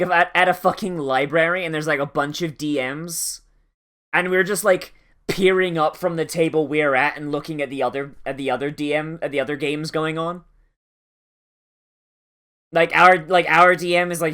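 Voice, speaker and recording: A man's voice: fairly high pitch, fairly bright tone. A young man reacting to an anime episode, talking casually and rambling with a lot of swearing and sarcasm.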